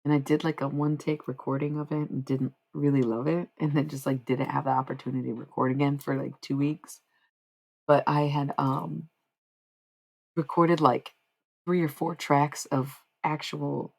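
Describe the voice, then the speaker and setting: A woman's voice: sits low, flat delivery, normal speed, vocal fry, darkish tone. A woman livestreaming, chatting casually to her viewers in a rambling, slangy, frank way. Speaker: livestreamer and singer.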